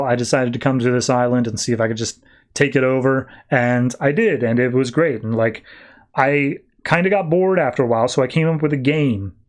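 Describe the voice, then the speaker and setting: Podcast host, male, casual storyteller, mid-range voice, playful quick impressions of characters. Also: medium pitch. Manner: animated retelling with quick put-on character voices. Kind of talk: casual comic book recap.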